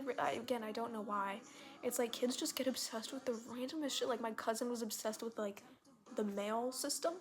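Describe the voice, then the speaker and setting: A woman's voice: a little high, gravelly. A young woman vlogger reading her childhood stories aloud, chatty and self-mocking, sometimes dropping to a near whisper, at home. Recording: faint music playing in the room.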